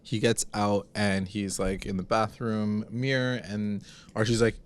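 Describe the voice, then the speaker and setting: A man's voice: lowish voice, flat delivery, unhurried. A man co-hosting a casual TV recap podcast, laid-back and laughing often as he retells scenes. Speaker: podcast co-host.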